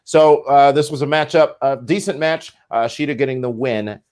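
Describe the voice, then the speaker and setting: A man's voice: medium pitch, moderate pace, darkish tone. Joking male show host moderating. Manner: joking, steering the discussion. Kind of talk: casual panel chat, moderating.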